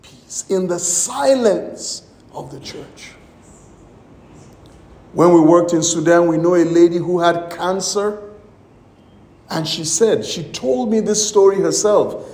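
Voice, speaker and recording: A man preaching a sermon in a high, lively voice that rises and falls with every phrase. He takes his time, drawing out each line and acting out the people in his stories. The room around him rings with echo. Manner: storytelling with acted-out quotes, emphatic preaching. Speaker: pastor.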